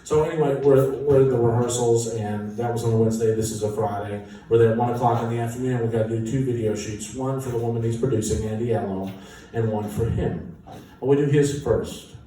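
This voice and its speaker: A band musician telling an animated, self-mocking story with frequent laughter. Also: male voice, medium pitch, fairly quick. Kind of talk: casual anecdote storytelling. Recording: echoey room, distant mic, noisy.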